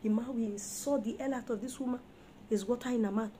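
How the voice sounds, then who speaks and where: A woman's voice: on the high side, steady tone, fast talker, mellow, a little hiss or hum. A woman preaching an emphatic sermon on marriage, firing rhetorical questions at her listeners.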